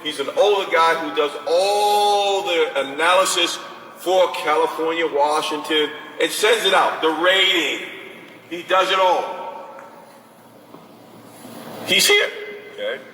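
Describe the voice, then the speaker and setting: A man giving a lively, conversational talk to parents about basketball recruiting and taking their questions in a large indoor hall. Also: on the high side, takes it slowly, long pauses. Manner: animated and conversational, acts out parents and coaches. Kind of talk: informal talk to an audience with questions. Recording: echoey hall from far off, faint noise.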